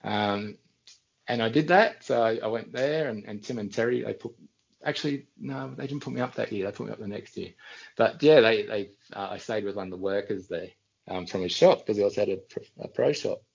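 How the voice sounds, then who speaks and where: A middle-aged Australian man with a gravelly, fry-edged voice spinning loose anecdotes as a podcast guest. He wanders, restarts his sentences and circles back in an easy, conversational way. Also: on the low side, fairly quick, poor audio. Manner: rambling anecdotes with frequent restarts. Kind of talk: casual storytelling.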